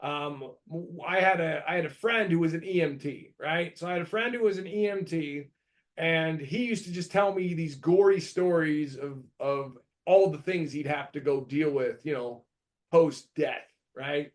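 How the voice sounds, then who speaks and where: A higher-pitched man in his thirties from the United States tells stories as a podcast host. He rambles with lots of restarts, then bursts into loud acted-out quotes. His voice sits high for a man. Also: normal speed. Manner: rambling, animated, acts out quotes with shouts. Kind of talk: casual storytelling chat.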